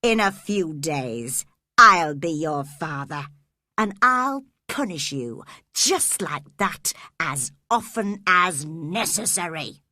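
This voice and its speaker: A woman voicing a cruel, scheming older man who speaks low, quiet and menacing. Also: animated, slow, no echo, studio quality, exaggerated voice. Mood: threatening.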